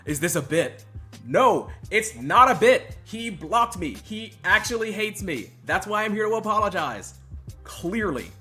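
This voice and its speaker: Animated bright-voiced male streamer. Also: high voice, a little slow, faint music behind. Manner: mock-emotional, swinging between loud outbursts and hushed mumbling. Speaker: host. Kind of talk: livestream commentary.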